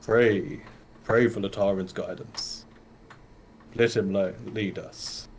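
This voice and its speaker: Low-voiced holy man talking slow and gentle, a guy in character, bit of room noise. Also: steady tone. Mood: solemn coaxing. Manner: slow, solemn, coaxing. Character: earnest male cleric, coaxing and pious.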